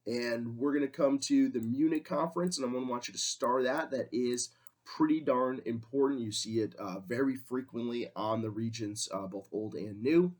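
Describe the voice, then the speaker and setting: A man's voice: medium pitch, normal speed, a little mellow. Conversational male history teacher. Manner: conversational, acts out quotes in voices. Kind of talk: classroom lecture.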